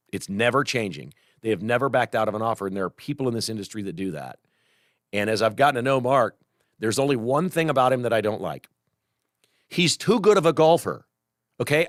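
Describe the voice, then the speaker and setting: A Midwestern man hosting talk radio, talking straight to his listeners in a plain, earnest monologue. His voice sits at an ordinary middle pitch. The sound is close and dry, with no room around it. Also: no echo. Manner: earnest, conversational, animated when worked up.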